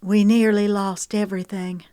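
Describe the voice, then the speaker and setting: A woman's voice: mid-range voice, level tone, normal speed, mellow, no echo, studio quality, pitched above the performer's own voice, lightly acted. Woman voicing Lexi, wry young woman. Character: guarded young woman, reality show contestant.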